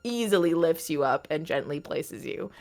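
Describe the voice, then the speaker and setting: A woman's voice: sits low, lively intonation, normal speed, heavy background noise. A woman narrating a tabletop game as game master, hesitant and full of fillers.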